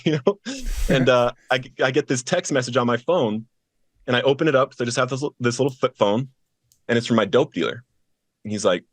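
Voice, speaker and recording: A man's voice: lowish voice, normal speed, dry recording. A man as a podcast guest, earnestly telling his personal testimony and acting out the voices of the people in his story.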